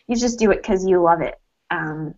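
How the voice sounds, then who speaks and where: A woman's voice: fairly low pitch, moderate pace, darkish tone, muffled recording. A woman appearing as a guest author on a live web show over a video call, upbeat and chatty, with frequent fillers. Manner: upbeat and bubbly, with fillers like "I mean" and "you know". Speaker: guest author and food blogger. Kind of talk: casual chat on a live-streamed video call.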